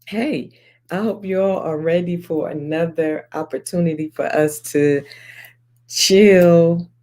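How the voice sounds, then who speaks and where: A woman's voice: fairly low pitch, slow, a little mellow. Middle-aged woman, livestream host, encouraging, preachy call-and-response, greets viewers by name. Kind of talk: live-streamed talk show.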